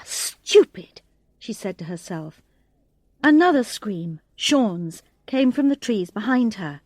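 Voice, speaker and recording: A woman reading a graded English storybook aloud in a slow, clear narration, voicing the characters' lines expressively. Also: medium pitch, expressive, no echo. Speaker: audiobook reader.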